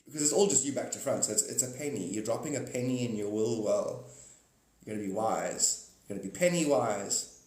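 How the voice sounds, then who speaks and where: A man's voice: mid-range voice, a little fast, a little mellow. A man hosting a live stream, rambling about spiritual ideas with playful wordplay, chuckling often and talking to viewers by name. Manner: speaks straight to viewers by name. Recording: roomy echo.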